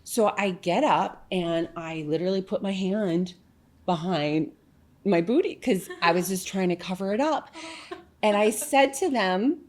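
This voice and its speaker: Lively American woman telling a story. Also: measured pace. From upstate New York, USA. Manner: lively, acts out quotes with big jumps in pitch and volume. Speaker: guest. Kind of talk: animated storytelling in a podcast interview.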